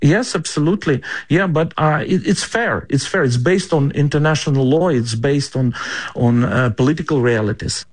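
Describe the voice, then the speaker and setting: A man from Ukraine, a politician answering questions in a news interview, speaking English as a with frequent fillers and restarts. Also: a little high. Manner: halting, with many fillers and restarts.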